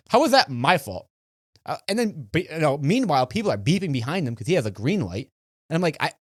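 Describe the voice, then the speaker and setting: A man's voice: fairly high pitch, dry recording, clean studio sound. A man co-hosting a podcast, telling a road story in casual chat, acting out quotes with frequent restarts. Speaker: podcast co-host.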